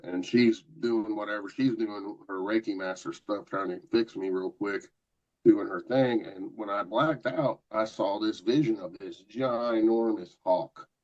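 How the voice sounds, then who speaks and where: A man's voice: lowish voice, unhurried. Man telling a rambling story, lo-fi. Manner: rambling, animated anecdotes with many quoted asides. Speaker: guest, paranormal investigator. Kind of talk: casual storytelling. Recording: dull lo-fi podcast audio.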